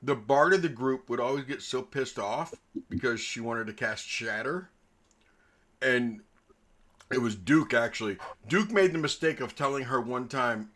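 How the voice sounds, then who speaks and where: Bright-voiced male dungeon master. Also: mid-range voice, a little slow. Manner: laughing, storytelling, swears casually. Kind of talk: casual chat at a tabletop game.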